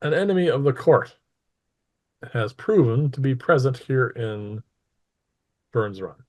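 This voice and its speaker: A man voicing a cold, scheming female ruler who threatens her townsfolk in a slow, deliberate way, during a tabletop game. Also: mid-range voice, lively intonation, darkish tone, close to an everyday voice. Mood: menacing. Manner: smug, menacing, slow and deliberate.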